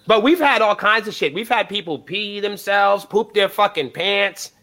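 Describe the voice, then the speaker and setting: A man's voice: high voice, normal speed, bright, forceful tone. A man telling a long profane story on a podcast, acting out both sides of the dialogue. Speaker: band member guest. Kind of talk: casual storytelling. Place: live podcast interview.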